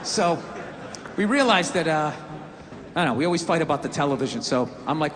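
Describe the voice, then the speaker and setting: A stand-up comedian, a man, delivering a profane rant with shouted bursts. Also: on the high side, lively intonation, fairly quick, long pauses. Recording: echoey hall, live crowd, background noise.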